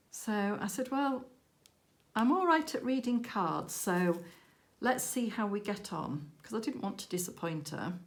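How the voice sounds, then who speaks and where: A woman's voice: mid-range voice, measured pace, a little hiss or hum. Chatty woman telling a story. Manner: chatty storytelling with lively quoted dialogue. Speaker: crafting channel host. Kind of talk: casual chat while crafting.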